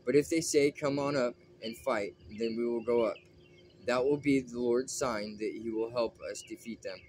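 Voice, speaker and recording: A man's voice: medium pitch, moderate pace, a little mellow, a little hiss or hum, natural voice. A man reading aloud and voicing a bold young warrior who speaks in an earnest, urging way.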